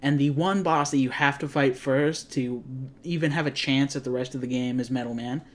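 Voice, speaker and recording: A man's voice: mid-range voice, normal speed. A young man co-hosting a casual gaming chat, rambling and often correcting himself mid-sentence. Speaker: co-host. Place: garage.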